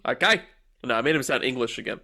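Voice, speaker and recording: A man's voice: mid-range voice, expressive, vocal fry, sharp tone. Podcast co-host, male, sniffly with allergies, jokey and profane. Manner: jokey, swearing, quick to laugh. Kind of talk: casual movie review chat.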